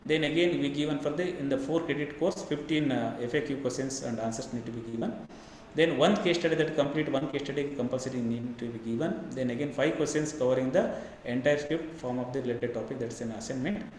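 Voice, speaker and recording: A man with an Indian English accent lectures over a webinar, pressing ahead at a quick clip and filling gaps with "uh" and repeated "then again". His voice bounces around a very reverberant room, with a faint hiss underneath. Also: medium pitch, a little mellow. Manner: rapid, halting delivery with many fillers and repeated "then again". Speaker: university professor giving a webinar lecture. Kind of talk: online lecture. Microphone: webinar computer mic.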